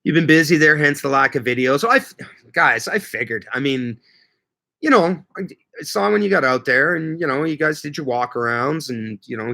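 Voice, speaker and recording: Bright-voiced rambling livestream host man. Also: medium pitch. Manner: rambling, joking, reads viewer comments aloud. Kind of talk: casual live chat with viewers.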